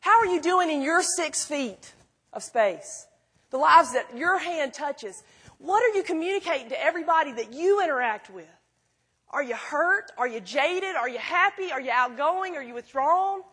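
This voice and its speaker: A middle-aged woman giving an animated, folksy sermon, telling stories to a school audience. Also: high-pitched, moderate pace. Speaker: speaker at a school chapel. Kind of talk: sermon with storytelling.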